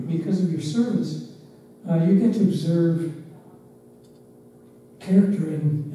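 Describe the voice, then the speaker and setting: An older man, once a driver and staff member, reminiscing in unhurried, reflective anecdotes with pauses. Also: fairly high pitch, dark tone. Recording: roomy, distant mic, faint background noise.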